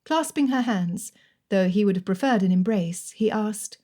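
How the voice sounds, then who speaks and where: A woman narrates a period romance audiobook with a measured, even delivery. Her tone is dark and mellow, neither bright nor sharp, at a middle pitch. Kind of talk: scripted narration.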